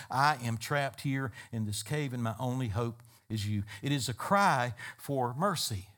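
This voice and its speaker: A man's voice: medium pitch, fairly bright tone. A man preaching a sermon as a pastor, building emphatic repeated phrases. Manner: emphatic, repetitive preaching cadence.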